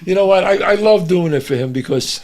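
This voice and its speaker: A man's voice: sits high, a little fast. An older man from New York with a New York accent, a podcast guest telling profane neighborhood stories in casual chat and acting out the lines of the people in them. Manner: animated, swearing, acts out characters' lines.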